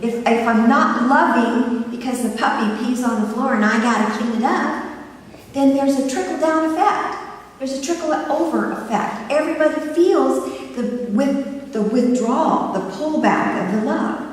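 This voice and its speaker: An older woman minister preaching an earnest sermon, often checking that her listeners follow along. Her voice sits fairly high and comes from some distance. It rings through a large reverberant hall with faint hiss behind it. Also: measured pace. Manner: earnest, asks the congregation for agreement.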